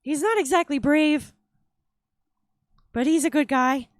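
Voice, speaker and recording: A woman voicing a timid male sea-folk adventurer from a tabletop game, with a breathy, nervous voice. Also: high voice, a little slow, no echo, studio quality, voice pushed up. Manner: nervous, wimpy.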